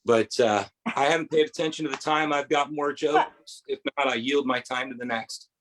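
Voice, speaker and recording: A man's voice: mid-range voice, moderate pace, a bit bright, a little hiss or hum, poor audio. A man doing a rambling stand-up set on a bar stage, with quoted voices in his stories. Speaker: stand-up comedian.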